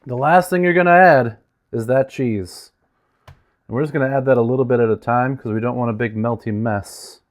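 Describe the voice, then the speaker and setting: A man hosting a casual cooking demonstration in a home kitchen, chatty and joking, his voice sometimes drifting away from the mic. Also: mid-range voice. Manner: chatty and joking, with lively swings in loudness. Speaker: home cook host.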